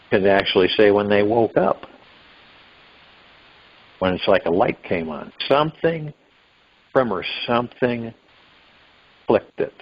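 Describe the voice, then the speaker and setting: A man's voice: on the low side, husky. A man hosting a spiritual meditation call, musing in a rambling way and now and then acting out what people might say. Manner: rambling, musing, with sudden rises into acted quotes. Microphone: phone line. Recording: dull lo-fi phone call audio.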